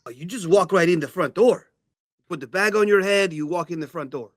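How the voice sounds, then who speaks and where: A man voicing a smooth-talking male owl informant with a chummy, conspiratorial manner. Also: sits high, brisk, no room sound, clean studio sound, close to an everyday voice. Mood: schmoozing. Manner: chummy, conspiratorial, slips into mock Spanish.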